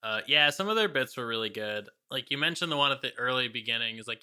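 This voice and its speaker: Male co-host, very bright tense tone, chuckles and agrees a lot. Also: medium pitch, smooth. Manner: quick agreeing, chuckling, acts out bits. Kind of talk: casual movie-review chat.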